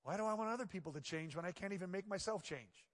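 A pastor preaching in a reverberant hall, his voice sitting a little high for a man. He keeps it chatty and playful, then sinks into hushed, earnest passages. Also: fast. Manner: conversational and playful, dropping to quiet earnest tones. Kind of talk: sermon.

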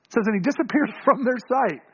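A male pastor preaching a sermon, telling the story with animated acting-out of voices and frequent chuckles. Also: very high-pitched, a little fast, slightly rough, muffled recording.

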